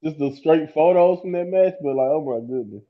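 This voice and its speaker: A man with a high voice co-hosting a casual podcast. He agrees readily, laughs often and stumbles over repeated words as he starts a thought. His audio is slightly muffled and lo-fi. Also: fairly quick. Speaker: podcast co-host. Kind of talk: casual chat.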